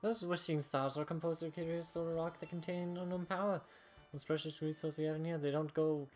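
A man's voice: fairly high pitch, steady tone, brisk, a little mellow, soft background music, voice pushed up, lightly acted. A man putting on a lecturing old grandma voice. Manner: mock old-lady accent reading game dialogue. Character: elderly grandmother professor, lecturing.

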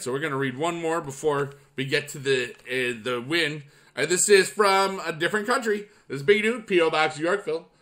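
A young man from upstate New York hosting a casual gaming video, chatting while reading fan mail and bursting into excited cheers. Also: on the high side. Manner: excitable, swings into loud shouting cheers. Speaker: YouTube gaming channel host.

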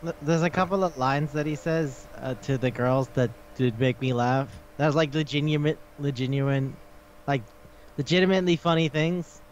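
A man's voice: on the high side, moderate pace, dull audio, a little hiss or hum. Laughing, cursing man in a podcast chat. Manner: laughing, profane, rambling retelling. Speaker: podcast co-host. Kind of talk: casual chat.

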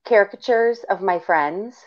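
A woman's voice: mid-range voice, normal speed. A woman co-hosting a casual chat who teases playfully and laughs often. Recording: dull lo-fi recording.

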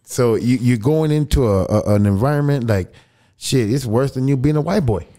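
A man's voice: mid-range voice, moderate pace, dark tone. A man, a podcast guest telling a long story in casual, profane, laughing talk. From El Paso, Texas. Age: 40s.

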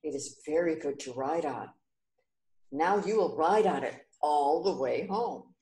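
A woman voicing a wise young prince who speaks gently and patiently in a storybook reading. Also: deep voice, animated, unhurried, roomy sound. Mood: gentle.

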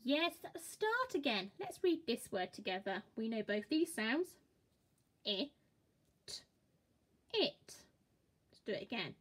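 A woman teaching a children's phonics lesson, modelling each sound slowly and cheering the listener on. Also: a little high, very animated, breathy edge. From England. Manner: slow, encouraging, exaggerated sound-by-sound modelling.

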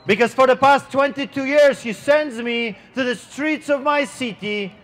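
A middle-aged pastor with a non-native English accent preaches an outdoor street sermon, slow and emphatic, drawing out his words. His voice is very high and fairly bright.

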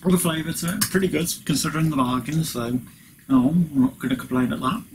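A man's voice: fairly high pitch, quick pace, a little hiss or hum, poor audio. Rambling man reviewing kitchen gear. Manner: rambling, chatty, frequent "you know" fillers; chewing while talking at times. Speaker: vlogger. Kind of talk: casual product review vlog.

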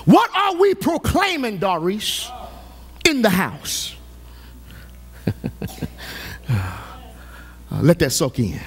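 A preacher man delivers his sermon in a high, ringing, bright voice. He takes his time, drawing words out slowly before lifting into shouts. He ribs the congregation with playful humor. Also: wildly swooping pitch, breathy edge. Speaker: pastor. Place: church sanctuary.

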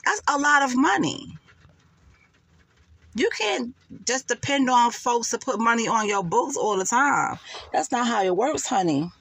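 A woman's voice: on the high side, expressive, measured pace, a bit bright, no echo. A woman, giving sassy, laughing gossip commentary and calling her listeners honey and child. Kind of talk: casual commentary vlog.

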